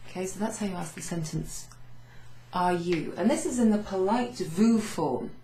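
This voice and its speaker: A woman teaching beginners French from her office, going over phrases slowly with many fillers and repeating each example. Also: mid-range voice, echoey room, heavy background noise. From Wales. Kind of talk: recorded lesson recap for students. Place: home office with blinds closed.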